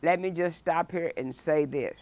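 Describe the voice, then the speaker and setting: Woman preacher, slow deliberate delivery, dry close sound, emphatic. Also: sits low, dry recording. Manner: emphatic, rises to shouted exclamations. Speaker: Sunday school teacher. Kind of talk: preaching a Bible lesson.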